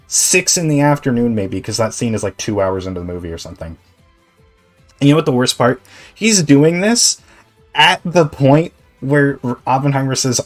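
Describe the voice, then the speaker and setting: A male Twitch streamer chatting casually while gaming, rambling, animated, and swearing freely. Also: medium pitch.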